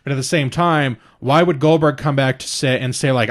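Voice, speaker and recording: A man's voice: mid-range voice, normal speed. A young man co-hosting a casual podcast, rambling through a recap with plenty of swearing and restarts. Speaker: podcast co-host. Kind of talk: casual chat.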